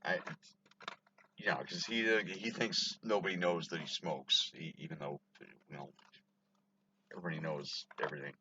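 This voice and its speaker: A man's voice: very deep voice, fairly even intonation, moderate pace, long pauses, noisy background. A drunk man rambling through stories to camera, swearing and laughing often. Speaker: vlogger. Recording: dull lo-fi recording.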